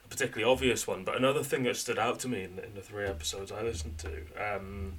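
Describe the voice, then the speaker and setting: A man from the United Kingdom co-hosting a podcast, talking things through in a thoughtful, halting way. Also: on the low side, level tone, a bit bright, breathy edge. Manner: thoughtful, halting, many restarts. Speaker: podcast co-host. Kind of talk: casual podcast chat.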